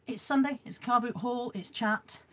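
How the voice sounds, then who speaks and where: A hoarse, froggy-voiced woman hosting a casual live stream, chatty and self-mocking as she greets viewers by name. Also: a little high, normal speed, a bit bright, slight background noise. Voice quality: husky, slightly froggy voice. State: hoarse from a cold. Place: indoors at home.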